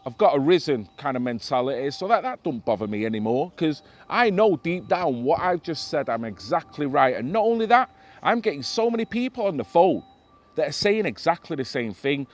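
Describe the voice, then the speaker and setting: Impassioned man, lively pitch. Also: fairly quick. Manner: emphatic, ranting, swears freely. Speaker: vlogger. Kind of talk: impassioned monologue to camera.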